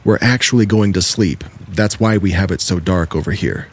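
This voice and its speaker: A man's voice: sits low, normal speed, husky. A man voicing a nervous husband who urgently warns his wife about strangers outside their car. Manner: tense, urgent. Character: panicked husband guarding a parked car.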